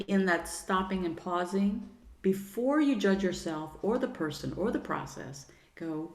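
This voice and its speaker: A woman's voice: mid-range voice, lively intonation, unhurried, darkish tone. Earnest middle-aged woman in a roomy echo. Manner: earnest, soothing, talks to the inner child with pet names. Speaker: podcast guest, sound healer. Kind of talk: casual interview chat.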